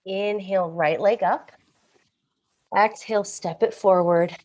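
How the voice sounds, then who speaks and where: A young woman guides a yoga flow on a video call, her cues calm and timed to the breath. She speaks slowly and evenly at a mid pitch, a little winded as the sequence goes on. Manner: calm breath-paced cueing, occasional self-corrections. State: slightly out of breath. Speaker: yoga instructor. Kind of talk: live-streamed yoga class cues.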